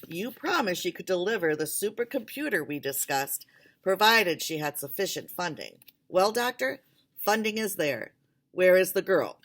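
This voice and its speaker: A greedy male mining tycoon, loud and pushy, as a woman reader puts him on. He barks out his demands in a low voice. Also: big pitch swings, normal speed.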